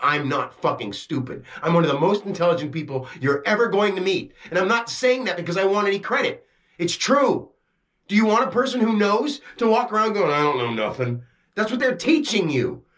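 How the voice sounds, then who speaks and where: In a high, slightly bright voice with lively intonation, a man talks a little fast. His frustrated, preachy rant is aimed directly at the camera, delivered as a self-styled spiritual teacher who swears without restraint.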